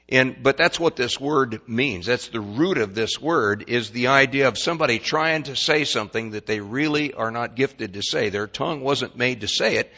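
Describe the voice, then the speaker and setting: A man's voice: on the high side, sharp tone, highs cut off. An older man preaching a sermon as a pastor, in a folksy way, with stammered restarts and questions to the congregation.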